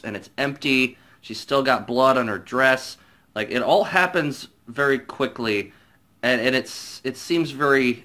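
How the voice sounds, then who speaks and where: A man's voice: medium pitch, sharp tone. A man chatting casually through a spoiler-filled movie review, retelling scenes in a rambling way.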